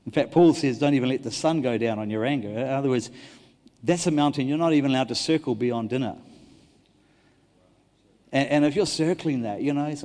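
A man, a pastor preaching a sermon, telling stories and swinging between loud and hushed delivery. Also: medium pitch, normal speed. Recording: long hall reverb.

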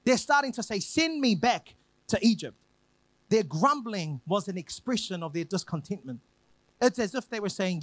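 A man preaching a sermon, retelling a scripture story with lively acted quotes and repeated phrases. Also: sits high, a little fast, no room sound.

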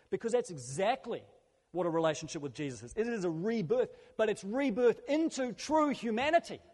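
A man preaching a sermon as a pastor, earnest and conversational, building his points through repeated phrases. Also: sits high. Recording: long hall reverb.

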